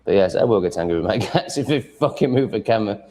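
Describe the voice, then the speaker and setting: In casual livestream chat from his cat-filled home room, an English man is blunt, ranting and profane. His lowish voice has a dark tone, and he sounds animated and quick.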